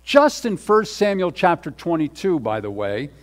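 A man with a fairly high voice delivers a sermon from the pulpit. He preaches emphatically, hammering repeated words and moving between loud, forceful stretches and quiet asides. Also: very animated, moderate pace. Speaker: pastor.

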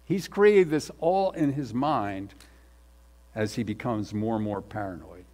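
A man preaching a sermon as pastor, emphatic, repeating words for stress and swinging between loud and soft. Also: on the low side, unhurried.

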